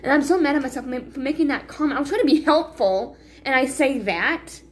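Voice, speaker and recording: A woman's voice: high voice, fairly quick, a little hiss or hum. A woman talking to her viewers in a rambling, self-critical confessional vlog, full of restarts and sighs. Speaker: vlogger.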